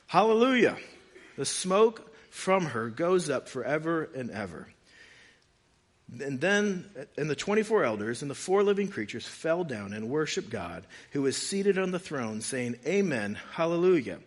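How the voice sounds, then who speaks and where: A man pastor giving a conversational sermon, reading scripture aloud and joking with his congregation. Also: fairly high pitch.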